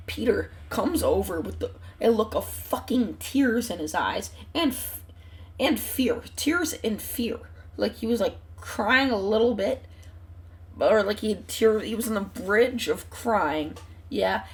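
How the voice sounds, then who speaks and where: A woman hosting her own channel, telling a story in a casual, rambling way, full of "like" fillers and the odd swear word. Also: medium pitch. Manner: rambling, heavy use of "like" fillers. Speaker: channel host.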